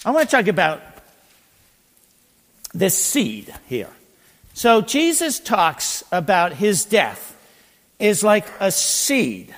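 A man preaching a sermon and reading scripture, animated and swinging between loud emphasis and quiet asides. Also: high-pitched. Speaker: pastor. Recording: long reverb in a large hall.

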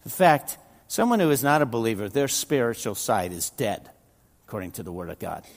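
A man's voice: mid-range voice, animated, a little fast, big-room sound. A middle-aged male pastor preaching a sermon, joking with the congregation and acting out biblical figures.

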